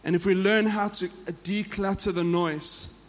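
South African pastor preaching in a reverberant hall. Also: male voice, sits high, fairly even intonation, a little slow. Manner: earnest, repeats and restarts phrases. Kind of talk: sermon. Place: church.

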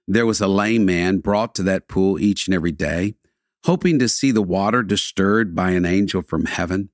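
A man delivering a devotional sermon, preaching in rhythmic, building repetitions with dramatic pauses. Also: on the low side, no room sound, clean studio sound.

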